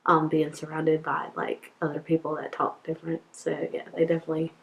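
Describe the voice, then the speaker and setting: A woman's voice: sits low, monotone, fairly quick, creaky, muffled recording, slight background noise. A young woman with a country North Carolina accent talking casually with hesitant fillers.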